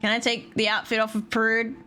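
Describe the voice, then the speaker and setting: A woman's voice: on the high side, monotone, brisk, sharp tone, faint music behind. A young woman streaming a game, grumbling aloud with sarcastic, heavily sworn commentary. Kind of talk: casual gameplay commentary.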